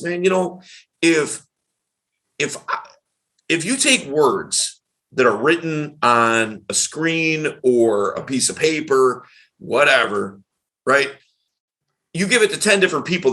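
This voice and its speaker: A man, a dating coach and podcast host, talking in a casual chat with an animated, emphatic delivery. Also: on the high side, a little slow. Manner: animated, emphatic, varied tonality.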